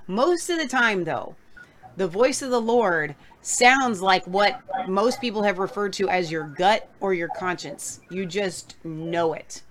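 A woman's voice: medium pitch, a little slow, a bit bright, slight background noise. Enthusiastic woman co-host. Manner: enthusiastic, repeats words. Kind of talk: casual faith talk show.

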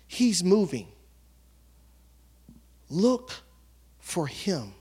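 High-voiced pastor preaching, animated storyteller. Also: male voice, extremely slow, breathy edge. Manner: animated storytelling, acting out townspeople's chatter; drops to a hush for emphasis. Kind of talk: sermon.

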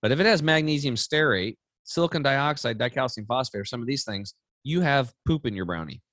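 A man in his forties, a podcast guest, chatting casually and telling stories with lively acted-out voices. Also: mid-range voice, a little fast, no room sound. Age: 40s. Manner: animated storytelling, acting out voices. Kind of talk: casual chat.

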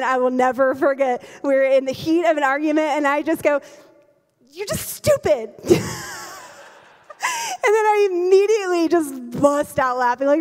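A woman in her forties, a pastor, preaching a sermon with lively, humorous storytelling and quick laughs. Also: sits high. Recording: long reverb of a large hall.

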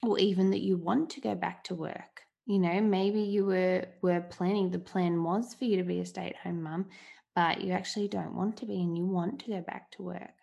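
A woman in her thirties hosting a solo podcast, talking candidly and from the heart in a relaxed, conversational way. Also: fairly low pitch, moderate pace, creaky, muffled recording. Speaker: podcast host.

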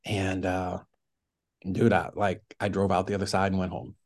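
A middle-aged man, a real estate investor appearing as a podcast guest, tells a story in casual conversation with a low, flat voice at a moderate pace. He's chatty, fills his talk with "like," and acts out what he was thinking back then.

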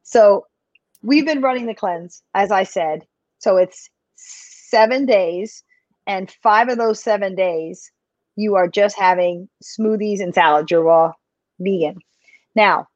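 Woman health coach, chatty and animated, for a live podcast interview; dull, dry lo-fi recording. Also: mid-range voice, dry recording. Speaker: health coach and business owner.

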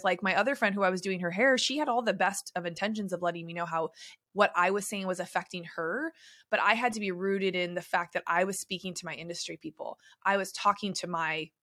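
This solo podcast host, a young adult woman and beauty industry coach, spins chatty stories full of fillers. She talks briskly in a lowish, slightly bright voice. The recording is dry, with clean studio sound.

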